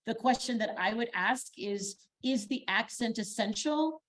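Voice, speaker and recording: A woman's voice: a little high, measured pace. A woman on a workshop panel giving emphatic, encouraging audition advice in long building sentences.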